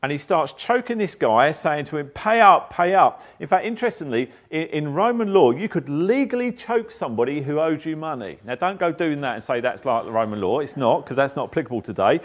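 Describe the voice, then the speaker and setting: Animated male preacher. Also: fairly high pitch, a little fast, hardly any pauses. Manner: animated preaching with acted quotes. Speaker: pastor. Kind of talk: sermon.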